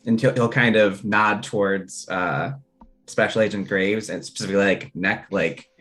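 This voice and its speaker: A man playing a tabletop role-playing game, describing his character's actions in an animated way. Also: lowish voice, moderate pace, soft background music. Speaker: player.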